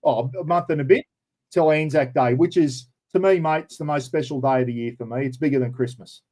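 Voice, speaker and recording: A man's voice: mid-range voice, brisk, mellow, rough recording. An Australian man hosting a casual live chat, rambling and chatty, calling everyone mate. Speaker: livestream host.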